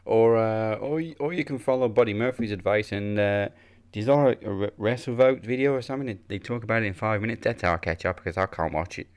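A laid-back man joins a casual podcast chat, joking easily with the others. His voice sits a little low. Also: fast talker, clear, resonant tone. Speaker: podcast co-host.

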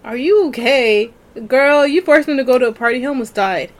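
A woman's voice: high-pitched, quick pace. A young woman co-hosting a story podcast, teasing her friend and laughing often. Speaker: podcast co-host. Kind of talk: casual chat.

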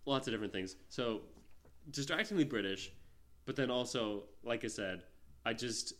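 A man's voice: medium pitch, lively intonation, moderate pace, fairly bright tone. A man co-hosting a casual film-review podcast, talking in a rambling way with lots of fillers and restarts. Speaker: podcast co-host.

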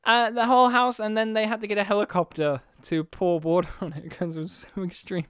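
A man in casual chat, telling an animated story and acting out his own past lines with sighs and huffs. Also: sits high, fairly quick, clean tone, no echo, clean studio sound.

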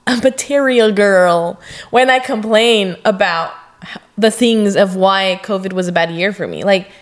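A woman's voice: mid-range voice, measured pace. A young woman co-hosting a podcast, talking casually and working through her thoughts with fillers and follow-up questions. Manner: chatty, asks follow-up questions, talks things through with fillers. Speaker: podcast co-host. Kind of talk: casual chat.

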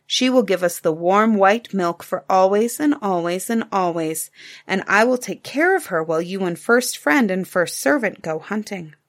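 A woman's voice: medium pitch, animated, moderate pace, natural voice. Wise proud cave woman voiced by a woman, storybook fable, firm, dismissive.

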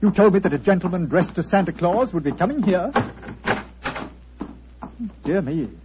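Anxious deferential butler, slightly high lively voice, dull vintage radio sound. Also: male voice, normal speed, noisy background. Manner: polite, deferential, apologetic. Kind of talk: 1940s radio acting. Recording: dull 1940s radio broadcast.

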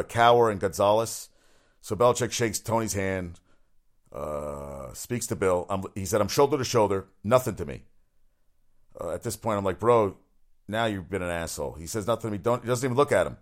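A man hosting a casual solo sports talk show, rambling quickly from item to item with lots of fillers and swearing. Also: lowish voice. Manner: rapid, rambling, profane, with many fillers.

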